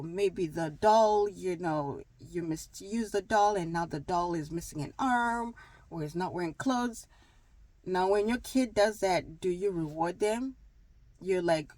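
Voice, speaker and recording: A woman's voice: lowish voice, darkish tone, no room sound, poor audio. Rambling woman sharing faith thoughts. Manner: rambling, many fillers, acts out little dialogues. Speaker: wellness vlogger. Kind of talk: casual faith talk to camera.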